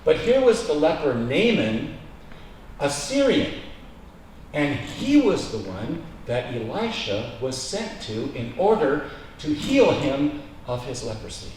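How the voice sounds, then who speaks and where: A male pastor delivers a sermon with a lively, animated voice that rises and falls as he tells stories and acts out the dialogue. He is heard from some distance off the mic, in a strongly echoing room with a faint hiss behind him. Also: fairly high pitch, slow pace. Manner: storytelling preacher, acts out dialogue in a joke.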